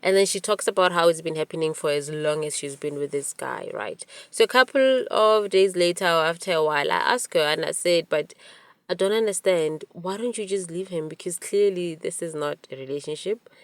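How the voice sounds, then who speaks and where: A woman in her forties hosting a podcast, telling a personal story in an animated way, with many restarts. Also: on the low side, a little fast, no echo. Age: 40s. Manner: animated retelling with quoted dialogue, frequent restarts. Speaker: podcast host. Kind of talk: storytelling monologue.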